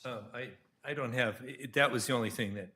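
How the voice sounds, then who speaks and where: Halting, bright-voiced male council member. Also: mid-range voice. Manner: halting, many restarts and fillers. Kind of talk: council deliberation.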